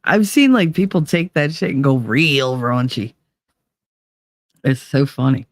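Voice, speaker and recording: A middle-aged woman chatting frankly with viewers on a livestream, full of swearing and quoted exchanges done in high mocking voices. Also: lively intonation, a little slow, no room sound, studio quality. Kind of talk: casual livestream chat.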